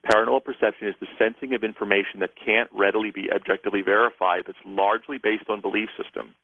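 Low-voiced male radio guest calling in by phone, measured, lecturing delivery, dry and tinny. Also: steady tone, dry recording. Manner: measured, lecturing, lists ideas. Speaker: psychic and author, radio guest. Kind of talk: explanatory talk on a call-in radio show.

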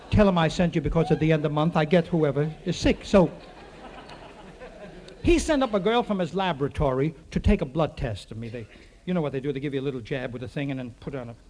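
A man telling a rambling comic story to a live audience, full of quick punchlines and asides to the crowd. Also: on the high side, a little mellow.

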